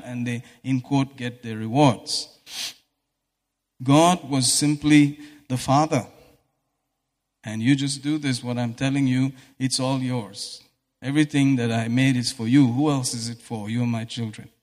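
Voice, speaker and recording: A man's voice: mid-range voice, a little mellow. A man preaching a sermon in a church hall, fervent and breaking into exclamations of praise. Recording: echoey hall reverb.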